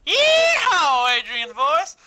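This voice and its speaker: A man's voice: very high-pitched, animated, fairly quick, bright, forceful tone, exaggerated voice. Man playing a boastful redneck with a Southern US accent, folksy drawl, noisy home mic. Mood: rowdy. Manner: folksy drawl with "reckon" and "heck". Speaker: guest manager.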